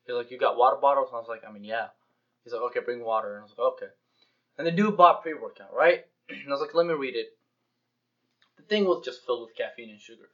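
Young man, casual podcast chat, animated, acts out dialogue, swears freely, muffled lo-fi sound. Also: mid-range voice, fast talker, pauses often. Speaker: podcast co-host. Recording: dull lo-fi podcast audio.

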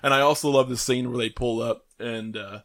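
A man co-hosting a casual movie chat, enthusiastic and quick to quote favorite lines in put-on voices. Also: mid-range voice, steady tone, a bit bright, no room sound, studio quality. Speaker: podcast co-host.

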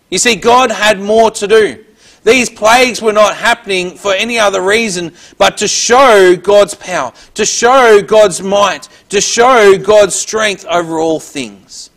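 A man's voice: sits high, unhurried, a bit bright. A man preaching a Bible teaching, reading verses aloud and then explaining them in plain words. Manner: reads scripture aloud then explains it, with small restarts.

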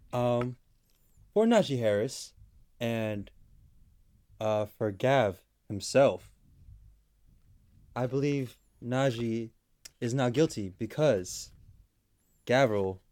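A man on a podcast argues the defense in a jokey courtroom bit. He talks slowly, in a relaxed, measured way. His pitch sits in an ordinary middle range. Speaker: podcast co-host. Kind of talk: mock courtroom banter.

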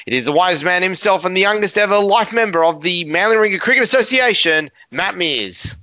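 Bright-voiced Australian sports radio host. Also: male voice, high-pitched, expressive, a little fast, no room sound, dull audio. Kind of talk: radio sports show hosting.

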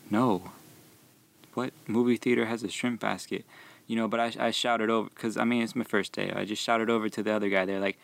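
A young man who works at a movie theater concession stand, telling rambling, animated stories about customers and laughing as he goes. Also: lowish voice, moderate pace, vocal fry, no echo. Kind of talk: casual storytelling about work.

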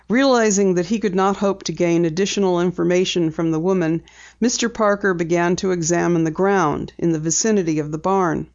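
A woman narrates a story in a steady, even manner, her voice sitting a little low. The recording sounds dull and lo-fi. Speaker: audiobook reader. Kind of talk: scripted narration.

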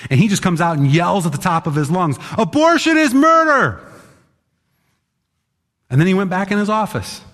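A male pastor delivers a sermon with a slightly high voice, shifting between quiet asides and sudden emphatic punches. He talks plainly to the congregation. The sound carries a long reverb from a large hall. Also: quick pace, hardly any pauses. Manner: emphatic, conversational, acts out quotes.

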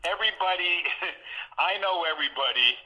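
A man co-hosting a radio chat, telling animated stories and acting out voices. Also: high-pitched, moderate pace, low-quality recording. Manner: animated storyteller who acts out voices and laughs. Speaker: radio co-host and singer.

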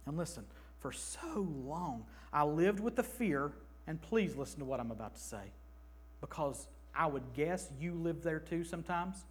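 A man in his thirties preaching an emphatic, animated sermon in a church, slipping into mock voices. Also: fairly high pitch, normal speed, breathy edge. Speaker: pastor.

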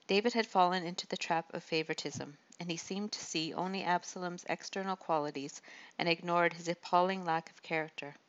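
Low-voiced woman narrating a novel. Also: steady tone, brisk, highs cut off. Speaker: audiobook narrator. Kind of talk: scripted narration of a historical novel.

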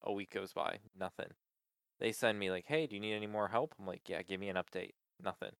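A man's voice: fairly low pitch, fairly even intonation, fairly quick, creaky, clean tone, dry recording, studio quality. A man in casual chat, venting with exasperation about a support call, swearing often and filling with "like".

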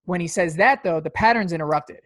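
A man's voice: fairly high pitch, fairly quick, fairly bright tone, no echo, studio quality. A man co-hosting a podcast, telling stories in a loose, profane way with many fillers. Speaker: podcast co-host. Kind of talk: casual podcast chat.

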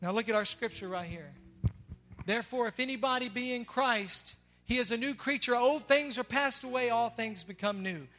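Pastor mid-sermon, high and bright, loud emphatic declarations between soft asides, long hall reverb. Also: male voice, moderate pace. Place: church sanctuary. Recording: long reverb of a large hall, faint music.

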